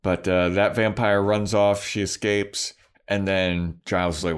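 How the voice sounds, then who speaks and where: A man co-hosting a podcast, casually recapping a TV episode in an animated way, laughing often and acting out the characters' lines. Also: low-pitched, normal speed, smooth. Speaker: podcast co-host.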